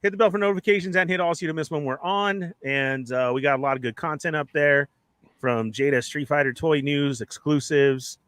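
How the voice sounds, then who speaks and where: Upbeat bright-voiced man hosting a live show. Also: a little high, steady tone, a little fast, smooth, no echo. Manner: upbeat, joking, rattling off plugs and shout-outs. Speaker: co-host of a toy podcast. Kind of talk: casual live-stream chat.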